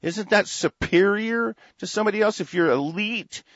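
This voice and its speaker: A man delivers a furious, profane rant, his voice sitting a little high and stumbling over restarts. The sound is dull and muffled with no room echo. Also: moderate pace, a bit bright. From United States. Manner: angry, profane, repetitive with frequent restarts. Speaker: political commentator. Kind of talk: ranting monologue to an audience.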